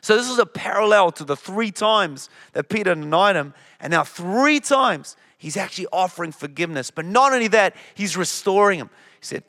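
A man preaching a sermon as campus pastor, conversational and animated, acting out the quotes. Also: sits high, normal speed. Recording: hall reverb.

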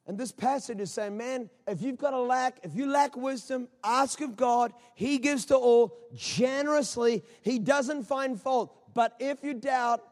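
High-voiced preacher in a reverberant hall. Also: male voice, a little slow, few pauses. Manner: impassioned, rhetorical questions, repeats phrases. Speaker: pastor. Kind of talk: sermon. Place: auditorium. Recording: long reverb of a large auditorium.

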